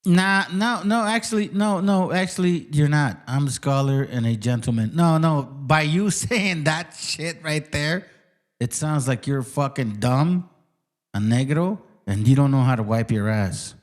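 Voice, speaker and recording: A man's voice: fairly high pitch, measured pace. A man hosting his channel, delivering a combative, profane and mocking livestream rant. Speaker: channel host.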